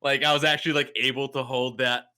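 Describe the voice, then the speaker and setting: Animated man with a bright voice. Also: medium pitch, quick pace, clean tone. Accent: Boston. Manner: animated, rambling, repeats words. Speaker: podcast co-host. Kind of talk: casual chat.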